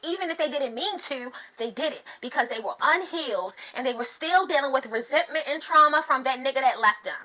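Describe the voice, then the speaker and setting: A woman's voice: sits high, bright, forceful tone, poor audio. A woman and mother giving a blunt, profane rant to camera, repeating phrases for emphasis. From United States. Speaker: mother of two, online host. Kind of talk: ranting commentary to camera.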